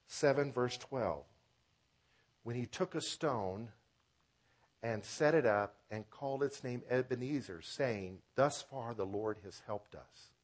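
Animated male pastor preaching. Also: medium pitch, husky. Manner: animated preaching, wide swings from loud to soft; playful wordplay and repetition. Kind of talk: sermon.

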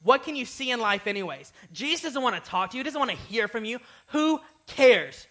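A man voicing a scornful crowd of townsfolk shouting taunts in a story he tells. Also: very high-pitched, big pitch swings, fairly quick, pitched above the performer's own voice, heavily acted.

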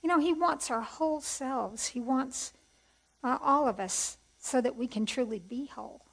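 A woman's voice: high-pitched, unhurried, creaky, breathy edge, low-quality recording. A middle-aged woman sharing a personal testimony at a women's conference, earnest and conversational, often asking rhetorical questions. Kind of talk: testimony sermon.

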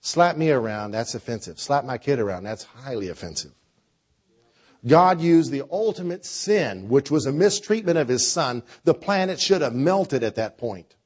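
Husky-voiced male preacher. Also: mid-range voice, sing-song, moderate pace. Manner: preacher with a dynamic delivery, swinging between soft and loud. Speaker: pastor. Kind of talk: sermon.

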